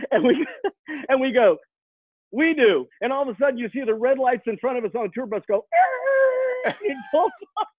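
A man in his sixties, a guest rock musician, telling stories in an excitable way with many repeated words and restarts, heard over a phone line. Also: very high-pitched, fast talker, no room sound. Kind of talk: animated storytelling. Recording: tinny phone line, dry.

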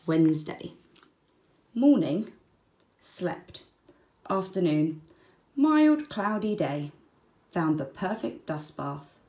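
A woman reading a children's storybook aloud, slow and deliberate, with soft, breathy word endings. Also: deep voice, sing-song. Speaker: children's book reader. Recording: roomy echo.

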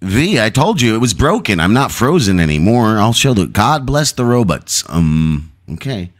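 A man chatting casually on a podcast, his voice lively and bouncing in pitch. He jokes loosely and swears freely, talking over a video call. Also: normal speed. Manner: joking, loose and profane. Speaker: podcast co-host. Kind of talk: casual chat.

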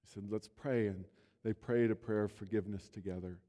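A man preaching a sermon as pastor, telling a story earnestly, his voice swelling and then dropping low. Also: fairly even intonation, a little fast, warm tone. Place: church sanctuary. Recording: long reverb of a church hall.

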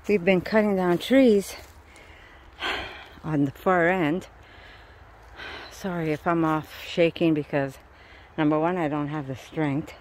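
A woman's voice: low-pitched, fairly even intonation, slow, pauses often, darkish tone, slight background noise. A middle-aged woman, tired and out of breath, chatting casually as she walks through the woods filming on her phone. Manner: rambling, breathy asides while walking. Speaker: vlogger. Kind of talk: casual walking vlog. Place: outdoors in woods.

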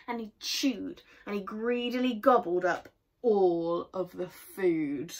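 A woman reading a picture book aloud to children, expressive and asking her young listeners questions, sometimes whispering. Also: medium pitch, takes it slowly.

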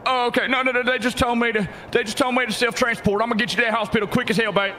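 A panicky, foul-mouthed mechanic, played by a man in a role-play game, swearing nonstop and calling everyone partner or babe. His voice sits high for a man, over a faint hum of game ambience. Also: level tone, rapid-fire, sharp tone. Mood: panicked. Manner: swears constantly, calls people partner and babe. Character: rough, foul-mouthed male mechanic, panicky but pushy.

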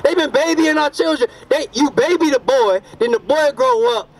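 A man's voice: very high voice, moderate pace, a little hiss or hum. Man street preaching hard, keeps saying you understand, far off mic outdoors. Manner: emphatic, repeats "you understand" and "all right". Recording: distant outdoor street recording.

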